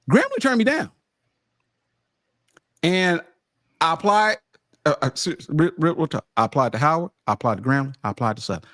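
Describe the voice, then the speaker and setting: A man from California telling a story in casual podcast chat, animated and emphatic, insisting he is not making it up. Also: high voice, normal speed, long pauses, dry recording, clean studio sound. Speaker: sports podcast roundtable co-host.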